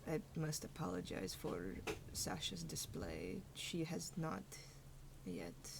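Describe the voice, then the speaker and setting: A woman voicing a calm, towering female firbolg in a tabletop game, speaking formally and with measure. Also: low voice, slow pace, gravelly, noisy background, exaggerated voice.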